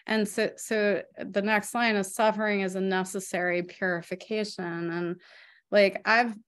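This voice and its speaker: A woman's voice: medium pitch, steady tone, a little slow, clean tone. Chatty woman teaching a faith class. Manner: personal, conversational, frequent fillers. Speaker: RCIA catechist. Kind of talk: casual teaching talk. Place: parish classroom.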